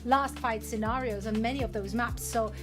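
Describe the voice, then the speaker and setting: A woman's voice: a little high, fairly even intonation, normal speed, music in the background. A woman hosting an esports desk, chatting casually and interviewing a player. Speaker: esports host.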